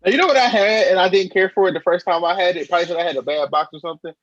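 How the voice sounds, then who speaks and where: A man co-hosting a podcast, easygoing and quick to laugh in casual chat. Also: high voice, a bit bright, highs cut off, slight background noise. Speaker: podcast co-host.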